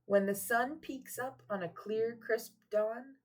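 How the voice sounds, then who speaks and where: A young woman who teaches is reading a picture book to kids, pausing to pose questions along the way. Her delivery is rhythmic and expressive, a little high-pitched, and the setting is a cozy room at home.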